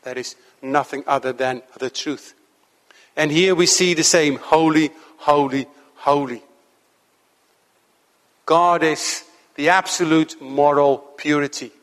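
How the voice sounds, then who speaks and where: A man preaching a sermon to his congregation in an earnest, measured way, slowing down to stress key points. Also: a little high, steady tone, fairly bright tone, in a large hall. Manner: earnest, measured preaching with slow emphatic stretches.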